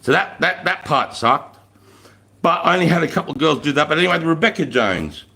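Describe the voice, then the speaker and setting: A man's voice: fairly high pitch, lively intonation, brisk, vocal fry, bright, forceful tone. An Australian man in his thirties, a former army instructor, telling stories in a casual live stream with blunt, heavily profane speech.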